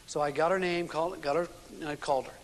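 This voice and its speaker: A man with a high, light voice delivers a relationship seminar to a live audience. He tells folksy stories, restarting his sentences often, and his words trail into a long hall reverb. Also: fairly even intonation, quick pace. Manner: folksy storytelling with frequent restarts and fillers. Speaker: seminar speaker. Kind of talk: relationship seminar lecture with anecdotes.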